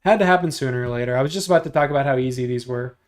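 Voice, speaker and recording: A man with a medium-pitched voice talks rapid-fire while hosting a livestream where he builds models in 3D software. He chats casually as he works, thinking out loud while clicking and joking in a self-deprecating way.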